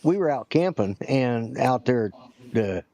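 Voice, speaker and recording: A man's voice: mid-range voice, expressive, measured pace, warm tone. A man telling a rambling, folksy story during a casual chat. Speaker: guest.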